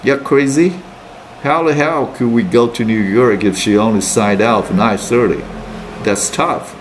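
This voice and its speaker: A man reading aloud and voicing an irritable, conceited teenage boy roommate who swears gruffly. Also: medium pitch, unhurried, a little hiss or hum, lightly acted, low-quality recording. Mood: dismissive. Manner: gruff, swearing, exasperated retorts.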